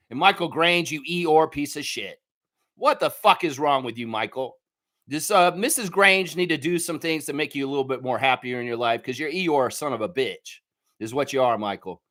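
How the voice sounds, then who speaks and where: A man's voice: a little high, lively intonation, normal speed, pushed and bright. A man hosting a live fan preview show, talking in a heated, profane ranting way. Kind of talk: live sports preview chat.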